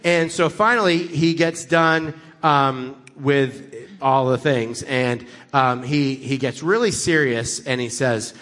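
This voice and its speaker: A man preaching as a guest speaker, telling a story with lively acted-out dialogue. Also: mid-range voice, takes it slowly, hardly any pauses, in a large hall. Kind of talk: storytelling sermon.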